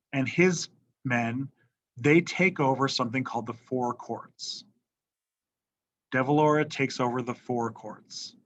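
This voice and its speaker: A man's voice: medium pitch, fairly bright tone, lo-fi sound. A man teaching a history lesson to students in a casual classroom manner, often checking in with the class. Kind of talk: classroom lecture.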